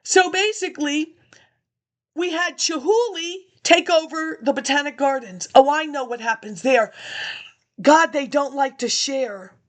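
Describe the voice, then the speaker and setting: High-voiced woman rambling to her viewers. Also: unhurried. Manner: chatty, jumps between topics, chuckles to herself; talks straight to her viewers. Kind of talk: rambling casual monologue.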